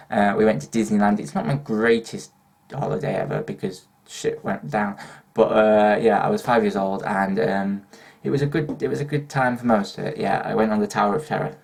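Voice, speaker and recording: Hyper young northern english guy doing a q&a vlog, kinda husky, swears a lot. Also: lowish voice, darkish tone. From northern England. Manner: hyper, chatty, swears and laughs often. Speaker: YouTuber. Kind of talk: casual Q&A vlog.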